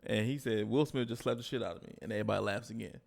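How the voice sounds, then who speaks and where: A man co-hosting a casual podcast chat, telling a story with animated delivery and acting out the quotes. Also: lowish voice, very fast, gravelly. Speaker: podcast co-host.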